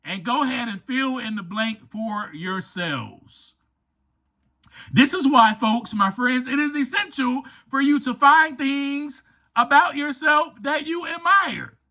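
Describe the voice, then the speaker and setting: A man's voice: very high-pitched, slow, pushed and bright. A man hosting a motivational podcast, speaking emphatically and enthusiastically and addressing listeners as friends. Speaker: podcast host and author.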